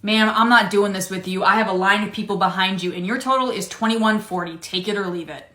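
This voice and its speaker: A woman's voice: mid-range voice, brisk, bright, forceful tone, natural voice. Woman as a fed-up, firm cashier. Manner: polite but firm, dry and unbothered. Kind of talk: comedy skit. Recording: roomy echo.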